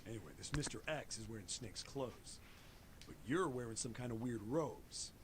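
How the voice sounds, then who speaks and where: An actor voices a practical, blunt companion in a video game. He sets out the facts in a plain, mid-range voice. A faint rumble sits under the line. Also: expressive, normal speed, close to an everyday voice. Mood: matter-of-fact. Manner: matter-of-fact, explaining.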